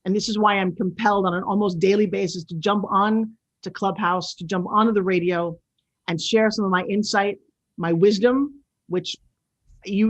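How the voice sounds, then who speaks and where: A woman in her sixties with a New York accent, hosting a show in a loud, brash, animated way. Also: medium pitch, lo-fi sound. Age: 60s. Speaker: show host. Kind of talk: casual talk-show monologue.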